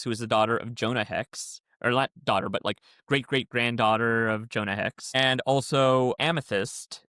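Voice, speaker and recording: A man with a mid-range, sharp yet smooth voice co-hosts a podcast, recorded cleanly in a studio without echo. In casual chat he rambles, explaining comic continuity at great length.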